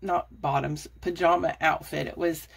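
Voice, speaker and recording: A woman's voice: sits low, steady tone, normal speed, gravelly, slightly rough. A middle-aged woman, out of breath, giving chatty, rambling decluttering tips to her phone camera. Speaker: budgeting and decluttering vlogger. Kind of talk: casual how-to talk to camera.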